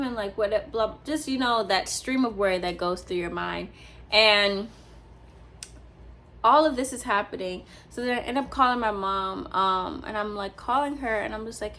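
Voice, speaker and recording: A woman's voice: mid-range voice, normal speed, fairly bright tone, a little hiss or hum. A young woman, a teacher, telling a personal story in a casual, rambling vlog style, with many fillers and restarts.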